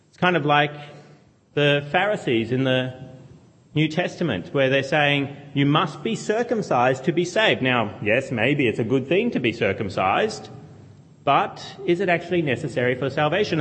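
A man's voice: medium pitch, slight background noise. Earnest preacher man, echoing hall. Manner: earnest expository teaching with rhetorical questions. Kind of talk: sermon. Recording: long hall reverb.

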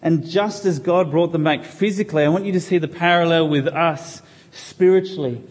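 Earnest preacher in a reverberant hall. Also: male voice, a little high, normal speed. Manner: earnest, reads scripture aloud and pleads with the congregation. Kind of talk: sermon.

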